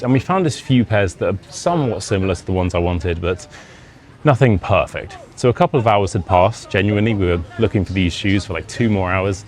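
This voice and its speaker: A young British man with a Modern RP accent, an English teacher, casually tells a self-deprecating personal story, acting out the quoted dialogue. His voice is deep, brisk and darkish in tone, with slight background noise.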